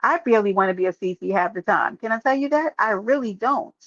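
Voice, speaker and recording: A woman live streamer, sharing her opinion in casual, animated talk and calling out viewers in chat by name. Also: mid-range voice, fast talker, dry recording, highs cut off.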